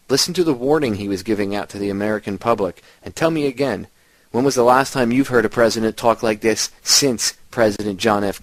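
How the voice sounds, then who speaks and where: A man hosting a talk show, ranting at his listeners with plenty of emphasis. His voice sits on the low side and sounds close and dry, with almost no room around it. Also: no echo, poor audio. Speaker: host. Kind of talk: radio show monologue.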